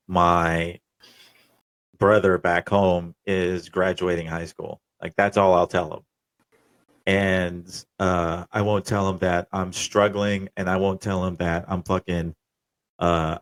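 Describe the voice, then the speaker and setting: Young podcast host dude, lowish voice, laid back, swears, explains stuff for listeners. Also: male voice. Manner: relaxed, profane, explains terms. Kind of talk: casual podcast chat.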